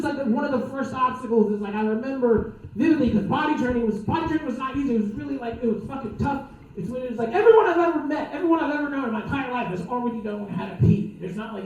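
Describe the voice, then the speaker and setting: A man's voice: sits high, creaky, darkish tone, a little hiss or hum. A man doing a stand-up set, profane and rambling, laughing at his own lines. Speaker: stand-up comedian. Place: comedy club stage. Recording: echoey club from far off.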